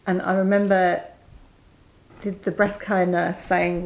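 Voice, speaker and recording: A woman's voice: on the low side, little pitch movement, slow, darkish tone. A middle-aged woman, co-hosting a casual chat and telling a personal story candidly, acting out the voices of people she quotes. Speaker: co-host.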